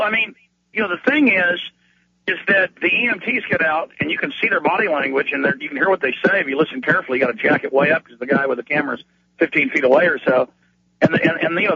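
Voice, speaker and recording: Male talk radio host, high voice, ranting, muffled line. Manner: rapid, repetitive restarts, mocking put-on quotes. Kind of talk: heated talk radio commentary.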